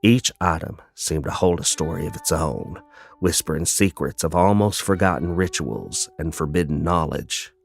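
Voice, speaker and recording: Low-voiced male storyteller. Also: vocal fry, faint music behind. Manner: measured, descriptive, calm. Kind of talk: scripted fantasy story narration.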